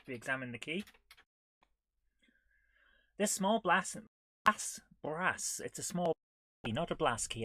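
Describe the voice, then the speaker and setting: A woman's voice: sits low, sharp tone, no room sound. A woman chatting casually on a live coding stream, giggling often and reading on-screen text aloud in a playful way. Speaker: retro gaming streamer.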